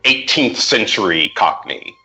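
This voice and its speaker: A man's voice: lowish voice, animated, unhurried, bright, forceful tone, soft background music, rough recording. A man co-hosting a podcast in casual chat, blunt and theatrically exaggerated. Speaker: podcast co-host.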